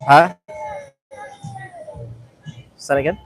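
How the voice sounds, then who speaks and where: A man's voice: slow, no echo, poor audio. A man from North London with a London accent, running a live street stream and chatting to his viewers in a blunt, sweary, matey way at an outdoor protest. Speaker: livestreamer.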